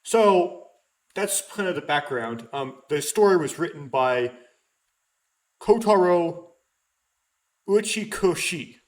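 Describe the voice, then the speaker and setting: A man's voice: fairly high pitch, lively intonation, takes it slowly, long pauses. A young man talking casually as a let's player, rambling and correcting himself often with plenty of ums. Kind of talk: casual gameplay commentary.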